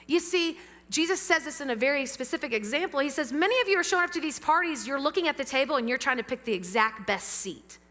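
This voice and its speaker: A woman pastor preaching a sermon to a church congregation, lively and engaging them with questions. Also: high-pitched, quick pace, few pauses. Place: church sanctuary with amplified sound. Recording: long reverb of a church hall.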